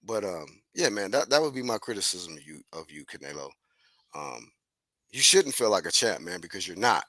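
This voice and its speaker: A young man giving casual, profane, animated commentary, constantly dropping "man". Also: low-pitched, normal speed, no echo. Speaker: commentary host.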